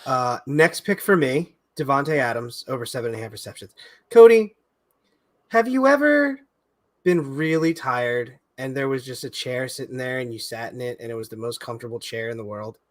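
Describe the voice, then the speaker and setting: A man's voice: medium pitch, fairly even intonation, a little fast, hardly any pauses, fairly bright tone. A man co-hosting a sports betting podcast, joking loosely, laughing and swearing as he talks. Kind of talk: casual sports betting chat.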